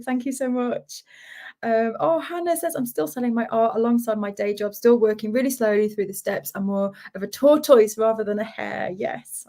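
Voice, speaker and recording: A woman's voice: medium pitch, a little mellow. A woman hosting a casual livestream, reading out viewer comments, laughing often and greeting people by name. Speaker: livestream host, art community founder.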